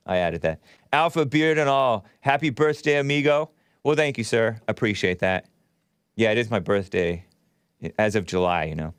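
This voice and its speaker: A man's voice: lowish voice, animated, moderate pace, clear, resonant tone, no echo, studio quality. A man hosting a casual livestream, laughing often as he reads chat messages aloud and talks with callers. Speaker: host.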